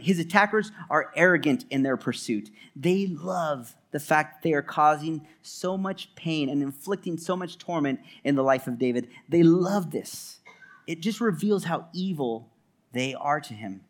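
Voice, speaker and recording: A man's voice: fairly high pitch, normal speed. A man preaching a sermon in an earnest, emphatic way, often stacking repeated phrases. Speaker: pastor.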